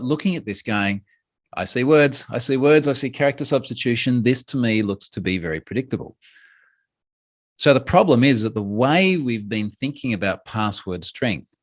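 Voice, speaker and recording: Lively, humorous man giving a talk. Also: medium pitch. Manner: lively and humorous, with quick asides. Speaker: speaker giving a talk on password security. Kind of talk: conference talk.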